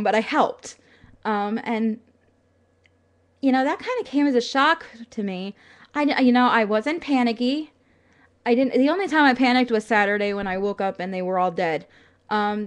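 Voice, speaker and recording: A young woman talking casually to her camera, earnest and chatty, with many fillers, at times close to tears. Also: on the high side. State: tearful at times. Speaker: vlogger.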